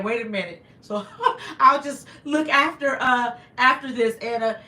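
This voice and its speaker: A woman's voice: sits high, a little slow, pushed and bright. A woman hosting a casual livestream, reading viewer comments and thanking them over and over, sounding a little congested. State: slightly congested. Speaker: livestream host. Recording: echoey room.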